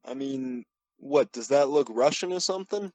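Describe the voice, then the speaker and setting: A man's voice: mid-range voice, animated, normal speed, darkish tone, low-quality recording. A man playing a tabletop game, talking casually as a detective character. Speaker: player.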